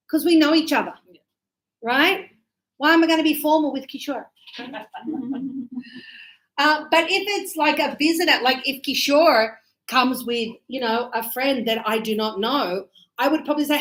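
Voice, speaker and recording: A woman's voice: sits high, unhurried, a bit bright, low-quality recording. A woman teaching English grammar to a class, chatty and checking in with her students often.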